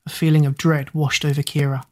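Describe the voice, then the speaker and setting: A woman narrates a children's adventure audiobook. Her voice sits low for a woman, and her reading is steady and expressive. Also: a little fast. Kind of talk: storybook narration.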